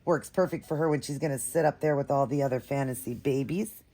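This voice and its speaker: Gushing over an unboxing at home, this doll-collector vlogger chats casually and calls her audience "you guys." Her bass voice is mellow, and she talks fairly quickly.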